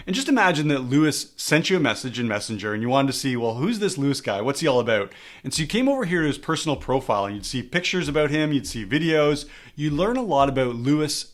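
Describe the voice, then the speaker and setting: A man talks quickly through a screen-recorded tutorial and leans on repeated phrases for emphasis. His pitch sits in a middle range and his delivery stays clear and instructive. He sounds close to the mic. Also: a bit bright. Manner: emphatic, repeats key words for stress. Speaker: coach explaining social media marketing.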